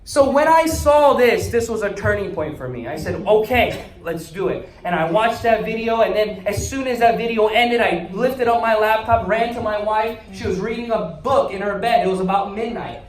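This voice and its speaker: A man's voice: high-pitched, moderate pace, few pauses. A man giving a motivational seminar talk, telling personal stories and acting out the voices of people in them. He laughs often as he speaks. The sound is echoey and comes from far off in a hall. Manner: storytelling, acting out quotes with laughter. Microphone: distant camera in a hall.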